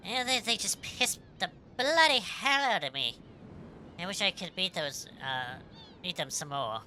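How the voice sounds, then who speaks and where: A woman's voice: lowish voice, sharp tone, a little hiss or hum. A woman voicing a brash, cocky young female thief from a game, tough and slangy, reading the dialogue aloud.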